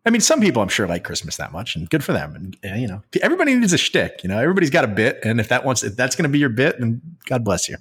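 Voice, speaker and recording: A man co-hosting a podcast in easygoing casual chat, sometimes bursting into excited storytelling. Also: mid-range voice, rapid-fire, hardly any pauses, husky. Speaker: podcast co-host.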